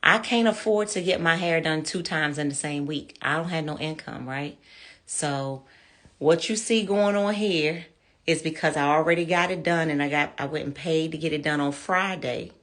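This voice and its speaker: A woman's voice: low-pitched, moderate pace, a bit bright. A woman in her fifties hosting her show, talking candidly and casually to her viewers as friends, calling them y'all. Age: 50s. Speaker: show host.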